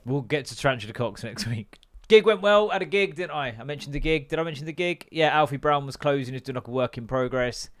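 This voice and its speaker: Speaking fast with a medium, slightly bright pitch, this podcast host and comedian keeps things loose and rambling. He swears, cracks jokes, and performs quotes in different voices.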